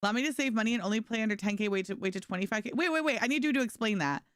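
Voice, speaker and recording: A woman's voice: fairly high pitch, very fast, clear, resonant tone, no echo, clean studio sound. A young woman streamer chatting casually and bubbly with her viewers while she plays a game. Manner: bubbly, talks to chat and her dog, lots of "like". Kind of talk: casual live-stream chat.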